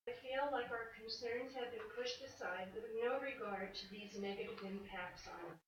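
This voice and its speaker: Woman giving public comment, emotional and earnest; slightly high voice, recorded from far off in a muffled, echoey room with faint hum. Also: fairly even intonation, moderate pace, fairly bright tone. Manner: earnest, pleading, hesitant. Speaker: resident speaking at a council meeting. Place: council chamber. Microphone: distant room mic.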